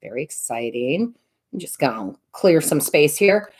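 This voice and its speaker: A woman's voice: sits low, expressive, measured pace, breathy edge. Bubbly woman hosting a live stream. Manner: warm, bubbly greetings of viewers by name, frequent laughs. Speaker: tarot reader and medium hosting a live stream. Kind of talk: casual live-stream chat.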